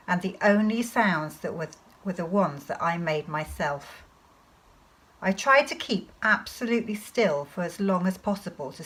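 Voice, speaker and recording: A woman teacher reading a children's novel aloud to her class in an expressive storytelling manner. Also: on the low side, slightly rough, poor audio.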